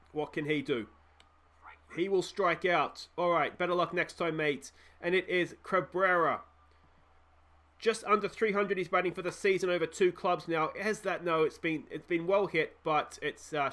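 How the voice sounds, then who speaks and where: A young Australian man giving casual, excitable play-by-play commentary on a baseball video game, joking at his own expense and talking to his viewers. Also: high voice. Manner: excitable, self-deprecating, talks to viewers.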